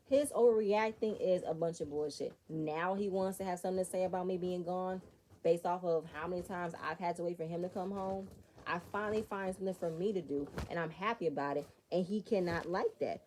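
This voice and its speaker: Woman reviewer, opinionated and sassy, mellow warm voice. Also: fairly low pitch. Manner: sassy, opinionated, talks straight to viewers. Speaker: reality TV recap reviewer. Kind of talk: casual commentary.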